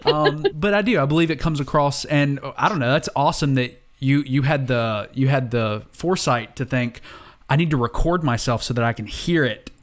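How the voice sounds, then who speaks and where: A man's voice: medium pitch, normal speed. A man hosts a casual podcast chat. He is supportive, often dropping in short agreements and praise for his guest. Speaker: podcast host.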